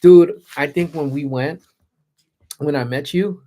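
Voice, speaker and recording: Slightly hoarse man chatting on a livestream. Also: fairly high pitch, measured pace, warm tone, a little hiss or hum. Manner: chatty, greets chatters by name, laughs often. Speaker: livestreamer who also teaches classes. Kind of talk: casual livestream chat reading viewer comments.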